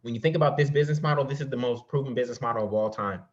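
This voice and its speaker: A man of mid pitch delivers a motivational real estate talk with a preacher's push, firing rhetorical questions at his listeners and calling them "y'all". The recording sounds a little dull and lo-fi. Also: racing. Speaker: real estate investing coach. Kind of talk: motivational presentation.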